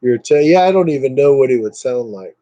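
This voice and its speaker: A man's voice: medium pitch, lively intonation, quick pace, mellow, highs cut off. A man chatting casually on a live stream, rambling with lots of fillers and thanking viewers by name.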